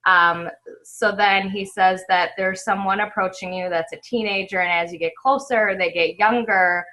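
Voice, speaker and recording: A woman speaks over a video call from her home, her voice bright and forward. She talks in a heartfelt, halting way, pausing to collect herself and apologize. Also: medium pitch, fairly even intonation, rough recording. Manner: emotional, halting, tearful at times, apologizes often. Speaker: event attendee sharing a recap. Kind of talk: casual video call recap.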